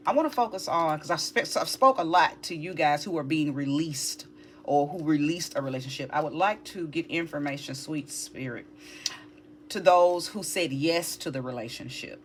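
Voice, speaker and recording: A woman's voice: lowish voice, a little hiss or hum. A woman giving a casual tarot reading, talking straight to her viewers in a chatty, familiar way and calling them baby. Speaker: tarot reader.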